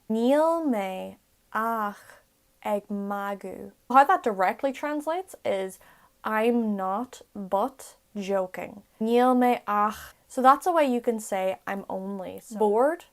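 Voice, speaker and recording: A young woman teaching everyday words at an unhurried, deliberate pace. Her voice sits a little high, and she repeats each word carefully for learners in a relaxed vlog-style lesson. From Ireland. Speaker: language tutor.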